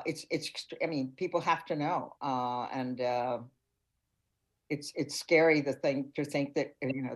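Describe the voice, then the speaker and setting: A woman's voice: rumbling low, poor audio. An older woman, a foreign correspondent, giving reflective interview answers and searching for her words.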